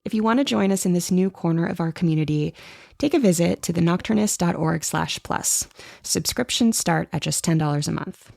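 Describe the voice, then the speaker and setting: A woman podcast host giving a calm, measured scripted introduction. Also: on the low side, vocal fry.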